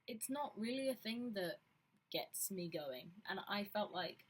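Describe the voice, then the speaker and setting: A woman's voice: medium pitch, expressive, normal speed, breathy edge. A woman talking frankly and reflectively to camera in a personal vlog. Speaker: vlogger. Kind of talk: candid personal vlog talk.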